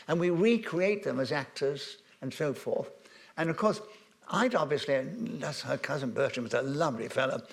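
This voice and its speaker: An older man spins long anecdotes before a festival audience. His voice sits a little high for a man, and he rambles with ums, restarts and chuckles. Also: fairly bright tone. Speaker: veteran broadcaster and guest. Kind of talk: anecdotal stage conversation.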